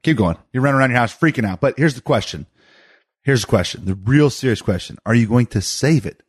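A man's voice: medium pitch, expressive, brisk, husky, no echo, clean studio sound. A man co-hosting a casual chat, teasing his partner and pressing her with repeated questions. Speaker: podcast co-host.

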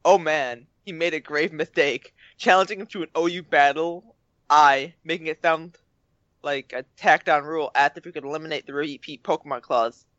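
A man's voice: fairly high pitch, normal speed, a bit bright, no echo. A tired man co-hosting a podcast late at night, reading a listener's story in a playful way. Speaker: podcast co-host. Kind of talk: casual podcast chat, reading listener mail. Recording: dull, dry home mic.

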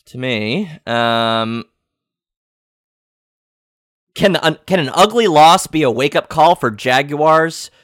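Rambling, playfully clueless comedy podcast host. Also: male voice, mid-range voice, fairly bright tone, no echo, studio quality. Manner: rambling, playfully clueless, many fillers and restarts. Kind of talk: comedic sports headline rundown.

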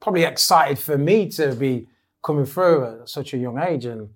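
A former footballer from England guests on a podcast, chatting casually in a medium-pitched voice at normal speed. He rambles through long stories with lots of restarts.

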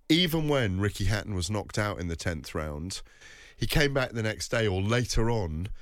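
A man's voice: lowish voice, no room sound, clean studio sound. A man hosting a casual sports chat, telling rambling anecdotes with many fillers and restarts. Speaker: boxing podcast host.

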